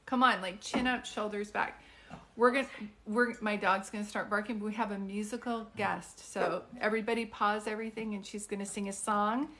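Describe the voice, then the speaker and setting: A woman's voice: medium pitch, steady tone, moderate pace, fairly bright tone, slight background noise. A middle-aged woman giving psychic readings on a live stream, chatty and reassuring, often saying "like" and "do you know what I mean".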